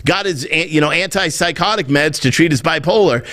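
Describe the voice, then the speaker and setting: A man's voice: a little high, fairly quick, bright, forceful tone. A man hosting a podcast, ranting in heated, profane political commentary, openly irritated. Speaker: podcast host.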